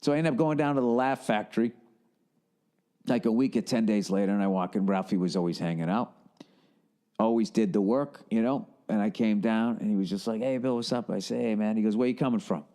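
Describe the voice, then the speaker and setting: A man's voice: fairly low pitch, fairly quick, dark tone. A blunt man with a Boston accent, somewhere in his forties, talking alone on his podcast. He rambles through a story and swears constantly, with a casual, offhand delivery. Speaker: podcast host.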